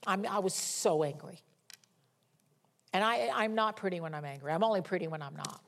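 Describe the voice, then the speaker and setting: A middle-aged woman preacher reading scripture and telling a humorous personal story in a lively sermon. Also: fairly low pitch, normal speed, vocal fry.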